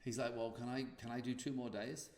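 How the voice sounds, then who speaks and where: Animated man telling a story in a roomy space. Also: medium pitch, brisk. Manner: animated, acts out dialogue. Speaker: podcast host. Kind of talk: casual storytelling.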